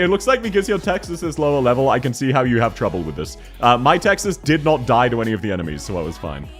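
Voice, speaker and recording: A young Australian man streaming a game, chatting casually, teasing his chat, swearing and laughing often. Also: medium pitch. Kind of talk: casual live-stream chat while playing.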